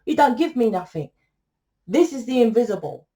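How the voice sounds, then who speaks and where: A woman's voice: on the high side, big pitch swings, normal speed, mellow. Woman, tarot reader, blunt, sweary and preachy, casual monologue. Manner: blunt, profane, lecturing the viewer.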